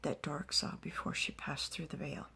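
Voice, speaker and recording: A woman voicing a gentle, wise female unicorn in a soothing whispered role-play. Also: low-pitched, level tone, moderate pace, creaky, slightly rough, exaggerated voice. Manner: soothing and reassuring.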